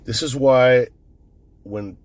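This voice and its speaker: Speaking slowly in a mid-range voice, a firearms commentator tells the story of an incident into his phone. The talk is conversational and meandering, full of profanity and restarted sentences.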